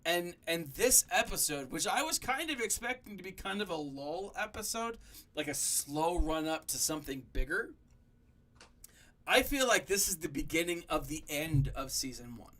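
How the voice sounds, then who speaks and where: A young man hosting a casual review chat, animated and laughing, with lots of fillers like "um" and "like". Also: fairly high pitch, moderate pace. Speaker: podcast host.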